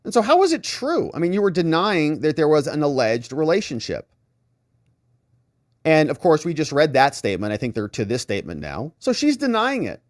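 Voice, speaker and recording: A man, a lawyer, giving trial recap commentary in an animated, incredulous way. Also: fairly high pitch, moderate pace, no echo, studio quality. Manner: animated and incredulous, retelling courtroom testimony.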